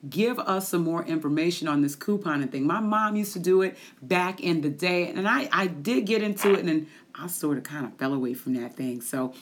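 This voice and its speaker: A woman hosting a Christian podcast, with a lively, preacher-like, sing-song delivery, in her forties. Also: lowish voice, fairly quick, hardly any pauses, a little hiss or hum. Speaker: podcast host.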